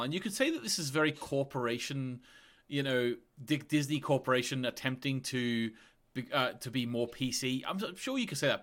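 Halting man co-hosting a podcast. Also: mid-range voice, fairly bright tone. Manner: halting, restarts often. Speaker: podcast co-host. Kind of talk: casual chat.

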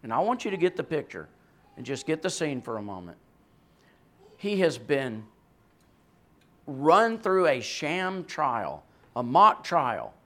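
A man preaching a sermon with a voice that carries, swinging from hushed, quiet passages to loud, emphatic ones. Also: on the high side, big pitch swings, slow, pauses often.

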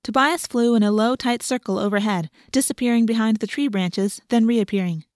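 Woman audiobook narrator, expressive, dry close mic. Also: a little high, a little fast, no room sound. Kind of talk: scripted first-person narration.

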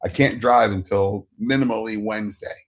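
A man's voice: on the low side, moderate pace. Chatty man recapping a show. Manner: animated recapping, acts out quotes. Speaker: podcast co-host. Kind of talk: casual chat. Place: at home.

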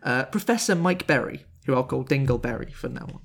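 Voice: medium pitch, lively intonation, a little fast, creaky. A podcast host in casual chat, joking and laughing often while reading out a news story, with many restarts.

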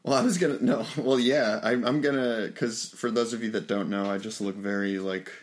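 A man's voice: fairly low pitch, moderate pace. A man co-hosting a podcast in casual chat, rambling with lots of fillers and swearing. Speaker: podcast co-host.

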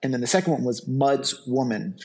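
A man's voice: mid-range voice, brisk, a little mellow. A man co-hosting a casual podcast, enthusiastically reading out actor trivia. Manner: enthusiastic, reads trivia aloud. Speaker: podcast co-host.

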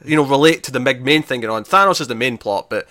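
Man, podcast co-host, fast talker, teasing, casual movie chat. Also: mid-range voice, pushed and bright, no room sound, studio quality. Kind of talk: casual film-discussion chat.

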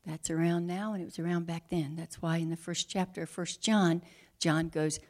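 A woman preacher from the States, delivering a sermon that moves between hushed whispers and forceful, emphatic declarations. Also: on the low side, steady tone, a little slow. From southern United States.

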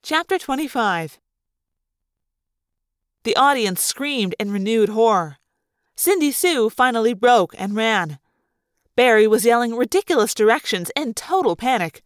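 A woman narrating a first-person novel with dramatic, animated delivery. Her voice swings widely in pitch and sits on the high side. The recording is dry and close, with no room sound. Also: measured pace, long pauses, no echo. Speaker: audiobook reader.

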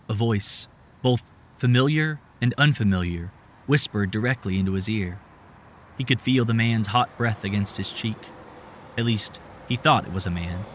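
A man reading a story aloud in a steady, measured narration. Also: lowish voice, a little hiss or hum.

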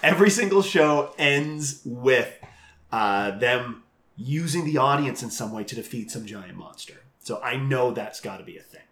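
A man's voice: mid-range voice, animated, moderate pace, a bit bright, roomy sound. A man who runs a live tabletop game show, chatting animatedly and laughing often in an interview. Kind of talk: casual interview chat.

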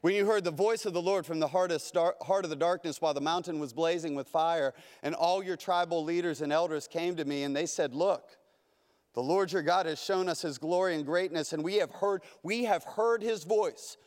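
High-voiced preaching man in a hall. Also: moderate pace, darkish tone. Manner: earnest, emphatic preaching with repeated phrases. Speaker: pastor. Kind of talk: sermon. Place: church sanctuary.

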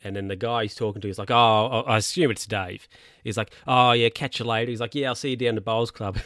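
A man's voice: on the low side, no room sound, studio quality. A man casually retelling a comedy episode, putting on voices for each character and laughing along. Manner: animated storytelling, acts out characters' lines in voices.

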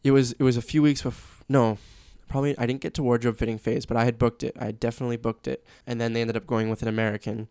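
A man's voice: mid-range voice, little pitch movement, quick pace, few pauses, a little mellow, smooth, no room sound. A young man from Canada, a sports announcer guest, chatting candidly and laughing easily. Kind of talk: casual interview chat.

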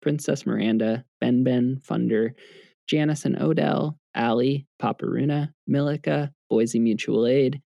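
A man's voice: mid-range voice, fairly even intonation, unhurried, vocal fry, mellow, no room sound. A man co-hosting a podcast, wrapping up the episode casually with lots of fillers and restarts. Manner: rambling, with frequent fillers and restarts. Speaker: podcast co-host.

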